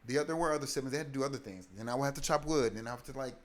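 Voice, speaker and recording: A man telling his life story as an interview guest, animated and candid, acting out the people in it and restarting in quick bursts. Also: medium pitch. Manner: animated, acts out the people in his story with big swings in loudness; talks in quick bursts with many short restarts.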